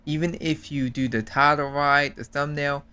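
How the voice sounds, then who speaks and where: A man's voice: fairly high pitch, fairly even intonation, normal speed, bright, forceful tone, clean tone. A man guest on a chat, talking in an earnest, complaining rant. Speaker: guest YouTuber. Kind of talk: casual chat.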